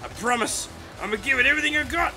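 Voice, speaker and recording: A man giving excitable, self-mocking commentary over his own gameplay, exclaiming and groaning as it goes. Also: very high voice, very fast, vocal fry, soft background music. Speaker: gaming commentator.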